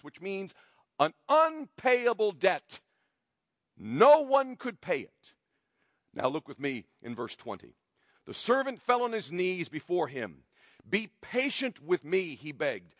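A male pastor preaching a sermon, emphatic, slowing down for stress and dropping to quiet lines at key moments. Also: no room sound, studio quality. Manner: emphatic, varies pitch and loudness widely, slows for stress.

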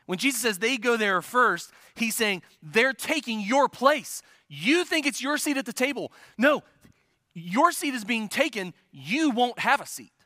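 A male pastor preaching with a high, bright, forceful voice. He talks earnestly and with emphasis, stumbling and restarting as he drives a point home. The sound is close and dry. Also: expressive, measured pace, no room sound. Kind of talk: sermon.

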